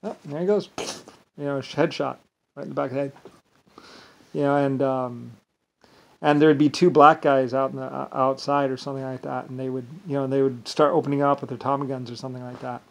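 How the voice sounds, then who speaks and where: A man's voice: mid-range voice, little pitch movement, a little fast, vocal fry. A man talking in a meandering monologue, often restarting sentences and leaning on repeated fillers. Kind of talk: rambling monologue.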